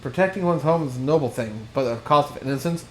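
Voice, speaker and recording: A man's voice: mid-range voice, quick pace, slight background noise, natural voice, poor audio. A man voicing a stern male knight who interrogates a traitor in a formal manner.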